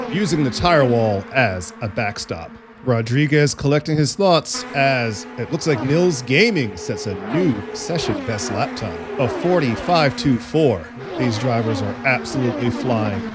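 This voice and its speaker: A man doing sim racing play-by-play commentary with jokey, sarcastic asides. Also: fairly high pitch. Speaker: race commentator. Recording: loud race engine noise. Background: race car engine noise.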